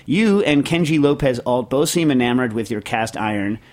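A man's voice: medium pitch, animated, moderate pace, darkish tone. A middle-aged man hosting a podcast, reading a listener question and rambling through his answer with jokes, fillers and restarts. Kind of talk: casual chat.

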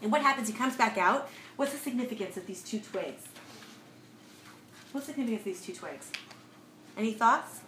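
Woman, teacher, animated storytelling, higher voice, echoey classroom, faint hiss. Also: moderate pace, pauses often. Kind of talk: lively class lecture. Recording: echoey room, faint noise.

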